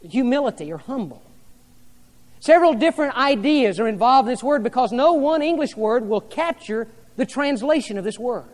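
A male pastor preaching a sermon to a congregation, rising loud and dropping soft by turns. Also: high-pitched, long reverb tail. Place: church hall with an audience.

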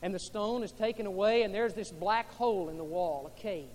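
A male pastor preaching a sermon with dramatic storytelling, shifting from hushed tones to loud peaks. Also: high-pitched, a little fast, hardly any pauses. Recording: echoey hall with faint hum.

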